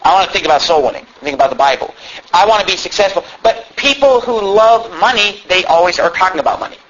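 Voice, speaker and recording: Male pastor, sermon, high bright voice, emphatic, rhetorical questions, dull lo-fi recording. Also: lively intonation, quick pace. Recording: dull lo-fi with faint noise.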